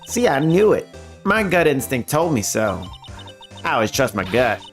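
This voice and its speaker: A man's voice: mid-range voice, very animated, moderate pace, soft background music, voice pushed up, lightly acted. Man putting on a brash, pushy gal reporter. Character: pushy nosy young woman photographer.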